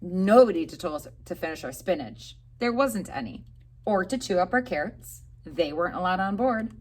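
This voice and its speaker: Lively woman reading a storybook aloud. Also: fairly low pitch, moderate pace. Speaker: teacher.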